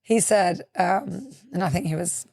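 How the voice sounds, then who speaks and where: A woman hosting a podcast interview, asking thoughtful, gently probing questions with soft "mm-hmm" responses. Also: lowish voice, lively intonation, a little slow, creaky, breathy edge, no echo. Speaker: podcast host.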